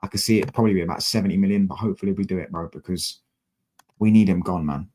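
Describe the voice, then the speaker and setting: Deep-voiced and dark in tone, this young football fan streamer talks fast from a desk mic at home. He rants to his chat in frustration, full of slang and swearing.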